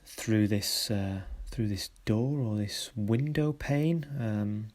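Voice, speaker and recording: A man with a fairly low voice talks through students' photographs as a workshop leader. He is encouraging and warm in his praise. He stops often to search for the right word. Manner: encouraging, halting with many pauses. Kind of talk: recorded feedback on students' photos.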